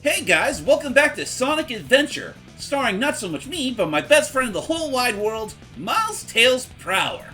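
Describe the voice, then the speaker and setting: An animated, bright-voiced man hosts a casual game playthrough, chatting loosely and hedging with fillers. His pitch swings lively, and faint game music with guitar plays behind him. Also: moderate pace, few pauses. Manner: chatty, trails off with fillers and restarts. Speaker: let's play host.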